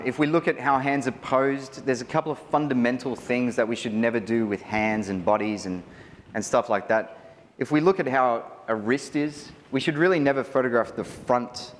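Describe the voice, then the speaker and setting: An Australian man giving a wedding photography seminar, chatty and animated, often asking the audience questions. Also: medium pitch, moderate pace, slight background noise. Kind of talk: live seminar talk to an audience. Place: large hall. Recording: reverberant hall with faint ambience.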